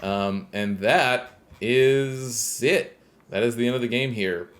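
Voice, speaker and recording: A man's voice: mid-range voice, takes it slowly, a bit bright. A man co-hosting a podcast, casually recapping a video game's ending and talking in a rambling way with self-corrections. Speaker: podcast co-host.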